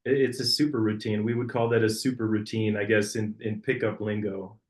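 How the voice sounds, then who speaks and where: A man's voice: on the low side, level tone, a little fast. Man host in an echoey room. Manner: loose, searching phrasing with filler words. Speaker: interview host, dating coach. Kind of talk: casual interview chat.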